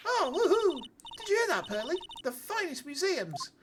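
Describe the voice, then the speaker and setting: A man with a hoarse voice voicing a prim, excitable little girl in a video game, in a squeaky put-on voice. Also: normal speed, heavy background noise. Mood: excited. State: hoarse, wrecked voice.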